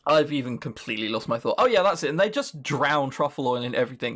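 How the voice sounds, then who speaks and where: A man hosting a let's-play, giving casual game commentary in a sweary, sarcastic, animated way. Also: on the high side, quick pace.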